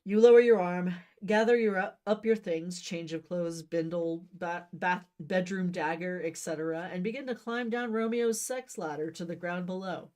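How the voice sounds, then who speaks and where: A woman's voice: on the low side, moderate pace, hardly any pauses, darkish tone. A woman narrates a choose-your-own-path story in a casual, friendly way. She reads with a playful lilt and breaks off into light asides. The tone stays loose and unpolished. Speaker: co-host reading an interactive book.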